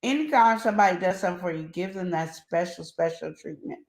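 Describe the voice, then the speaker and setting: A middle-aged woman co-hosting a relationship advice show, chatting casually and telling stories with drawn-out emphasis. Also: on the low side. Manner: animated storyteller, drawn-out emphatic phrasing. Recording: roomy echo.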